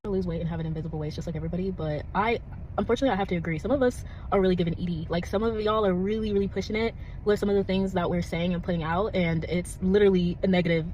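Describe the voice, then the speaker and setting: A woman giving her opinion in a casual video, talking quickly with many fillers. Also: lowish voice, steady tone, darkish tone, highs cut off, a little hiss or hum. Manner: rapid talk with many fillers.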